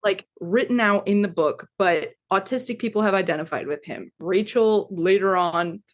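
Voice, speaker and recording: A woman co-hosts a podcast, gushing about a TV adaptation in casual, enthusiastic chat full of fillers, especially "like." Her voice is medium in pitch and she speaks at a normal speed.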